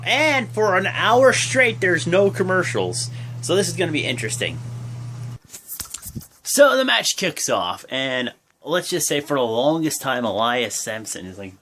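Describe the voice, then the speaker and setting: Excitable young man recapping wrestling. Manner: excitable, acts out quotes in jumpy high voices, many fillers. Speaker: host of a wrestling reaction channel. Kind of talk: casual recap talk to camera.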